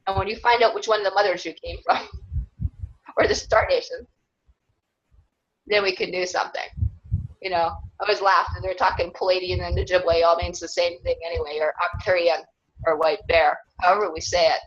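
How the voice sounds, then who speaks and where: A woman's voice: lowish voice, level tone, normal speed. Rambling earnest woman, lo-fi sound. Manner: rambling, earnest, laughs often. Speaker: interviewee, self-described clan mother. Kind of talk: casual interview talk. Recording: dull lo-fi sound.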